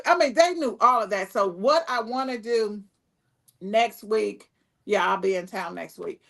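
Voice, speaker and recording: A woman hosting a live talk show in casual chat, addressing viewers directly and chatting in a lively way. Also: medium pitch, measured pace, gravelly. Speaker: show host.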